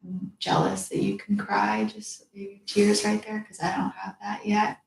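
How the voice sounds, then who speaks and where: A woman's voice: medium pitch, little pitch movement, measured pace, vocal fry. Candid young woman, echoey room. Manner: candid, emotional, swears freely. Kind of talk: casual heartfelt conversation.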